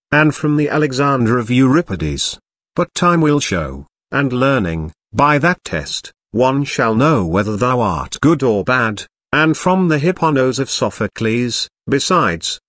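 A man giving a measured scripted reading of an old theological text as an audiobook reader. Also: medium pitch, a bit bright, no room sound, studio quality.

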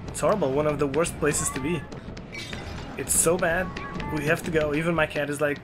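A man narrating his own horror game run, his voice sitting a bit high and leaping up whenever something startles him. Game music plays clearly underneath his commentary. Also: normal speed. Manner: excitable, yelps and jumps high when scared. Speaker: gaming YouTuber. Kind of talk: let's play commentary. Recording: game music playing behind.

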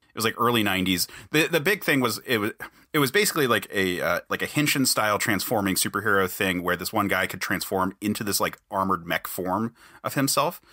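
A man with a low, bright and forceful voice, talking casually on a podcast. He rambles with enthusiasm and keeps restarting his sentences. The sound is dry and close. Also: lively intonation, brisk, no room sound. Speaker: podcast host.

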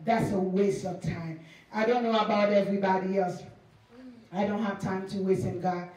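A woman pastor preaching a sermon, animated and repetitive, acting out little dialogues to drive her point home. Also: medium pitch, normal speed. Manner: animated, acts out dialogues, repeats phrases for emphasis. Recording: very echoey hall, voice from far off.

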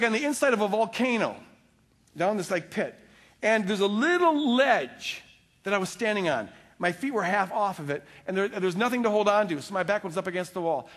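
High-voiced man preaching with stammered restarts. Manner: animated storytelling with frequent stammered restarts. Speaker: pastor. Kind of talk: sermon.

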